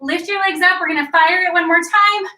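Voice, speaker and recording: A woman's voice: very high-pitched, fairly even intonation, brisk, pushed and bright. A woman leading a live workout class, chatty and joking while she tells a story and counts reps aloud. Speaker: fitness instructor. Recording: echoey room, distant mic.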